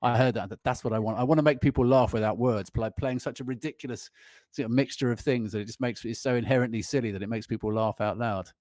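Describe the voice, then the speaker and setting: Quick-talking man chatting about music. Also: medium pitch, dry recording, studio quality. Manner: animated, chuckling, full of restarts. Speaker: performing pianist and guest. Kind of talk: conversational interview on stage. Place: school concert hall.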